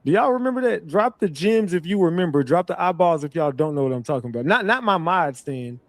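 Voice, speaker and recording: A male commentary host with a slightly higher voice talks close and dry, without much room sound. He keeps teasing his audience and swearing loosely, looping back over his own questions as he reacts. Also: expressive, fairly quick, no echo. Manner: teasing, profane, repeats himself.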